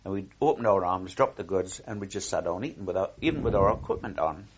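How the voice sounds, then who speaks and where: A man's voice: deep voice, expressive, fast, muffled recording, slight background noise. An older man recalling his war service in a rambling oral history, with frequent restarts and repeated words.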